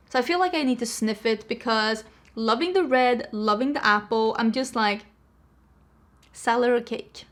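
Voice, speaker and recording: A woman hosting a beauty channel, talking casually to camera in a chatty, animated way with jokey rants. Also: fairly high pitch.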